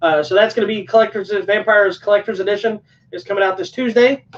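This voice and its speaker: A man's voice: high-pitched, fairly even intonation, fast, slight background noise. A man co-hosting a casual podcast chat, talking in an easygoing, rambling way. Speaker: co-host. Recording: dull sound from a distant mic.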